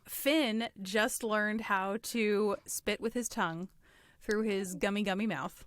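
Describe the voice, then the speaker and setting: A woman's voice: mid-range voice, takes it slowly. Playful, rambling woman podcast host. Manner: playful, rambling, laughs often. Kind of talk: casual chat.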